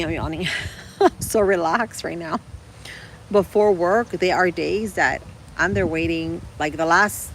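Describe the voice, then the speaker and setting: Woman, gravelly voice, casual live chat, rambling, talks to viewers as girl and guys. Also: lowish voice, background noise. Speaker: livestream host chatting with viewers.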